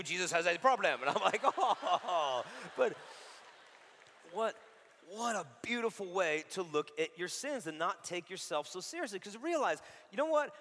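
A man's voice: high voice, sharp tone. A man in his thirties giving a casual, joking sermon-style talk, saying dude a lot as he speaks about faith. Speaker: Catholic speaker. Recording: reverberant hall.

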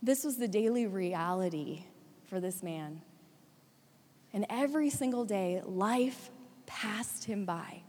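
Woman preacher telling the story, goes soft then urgent, lots of hall echo. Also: medium pitch, slow pace. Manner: dramatic storytelling, swings from hushed to urgent. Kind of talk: sermon. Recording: long hall reverb.

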